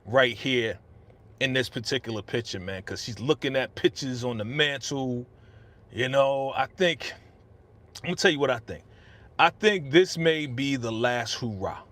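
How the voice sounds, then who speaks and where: With a mid-range, slightly bright voice and a somewhat slow pace, a man hosts a casual live stream. He chats in a slangy way and reads viewer comments aloud into a podcast studio microphone.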